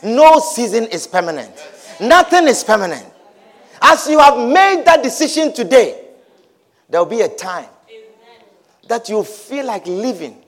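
A man's voice: very high-pitched, sing-song, unhurried, long pauses, fairly bright tone. A man pastor preaching a sermon in a church, emphatic and repetitive, calling out to his congregation.

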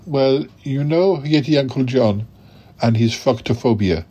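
A man's voice: medium pitch, measured pace, warm tone, husky, highs cut off. A man voicing a timid, fretful male sidekick who talks hesitantly and apologetically. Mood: nervous. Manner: hesitant, full of "oh dear" and "um".

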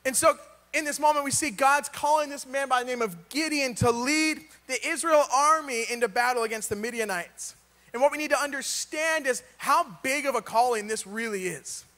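A man's voice: extremely high pitch, moderate pace, pushed and bright, big-room sound. A man preaching a sermon in a casual, joking way, full of rhetorical questions.

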